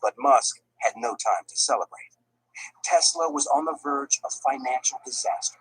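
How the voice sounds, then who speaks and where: A man narrating a documentary in a measured, dramatic storytelling manner. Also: medium pitch, husky, dry recording, rough recording. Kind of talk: scripted narration.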